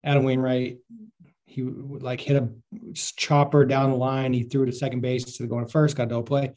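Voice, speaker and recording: Mellow-voiced man in easygoing chat. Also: mid-range voice, level tone. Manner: easygoing, asks questions, drawn-out fillers. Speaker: podcast co-host. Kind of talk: casual chat about baseball.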